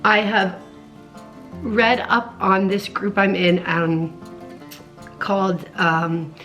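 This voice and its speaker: A woman's voice: mid-range voice, flat delivery, extremely slow, a bit bright, faint music behind. A young woman talking earnestly and emotionally in a casual personal vlog at home, rambling with many restarts. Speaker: vlogger.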